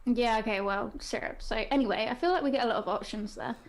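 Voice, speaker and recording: A woman's voice: fairly high pitch, fast talker, a little hiss or hum. A woman, co-hosting a fan podcast and chatting casually with a friend. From England. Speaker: podcast co-host. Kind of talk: casual chat.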